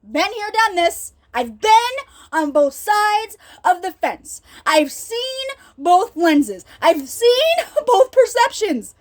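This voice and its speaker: Middle-aged woman, very high pitch, earnest and emphatic, direct personal faith talk. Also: very animated, slow pace. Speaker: healing ministry speaker.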